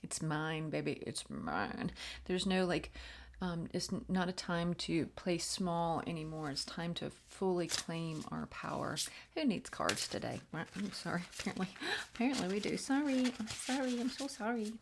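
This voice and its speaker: A woman's voice: fairly low pitch, normal speed, noisy background. A woman doing a chatty, rambling tarot reading, laughing often and dropping into whispers. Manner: slips into soft whispered chants. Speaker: tarot reader. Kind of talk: casual channeled reading.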